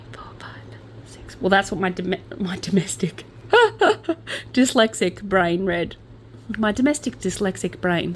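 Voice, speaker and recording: A woman's voice: mid-range voice, slight background noise. A woman hosting a casual podcast, reading news stories aloud in a chatty, self-deprecating way and stumbling over hard names. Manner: crochets while talking. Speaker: podcast host.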